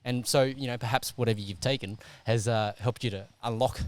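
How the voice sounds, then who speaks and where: A man hosting a casual chat, working through an idea out loud and checking in with the listener as he goes. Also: medium pitch, steady tone, fairly quick, no echo. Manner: thinks out loud, keeps checking in with "right?".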